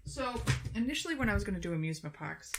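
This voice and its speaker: A woman's voice: mid-range voice, big pitch swings, very fast, heavy background noise. Woman co-host reacting with exclamations. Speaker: podcast co-host. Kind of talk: casual chat.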